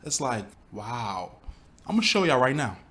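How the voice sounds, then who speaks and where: A man's voice: medium pitch, big pitch swings, moderate pace, very noisy. A man giving a reaction commentary to his viewers, exasperated and rhetorical, often asking them questions directly. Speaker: YouTube commentator.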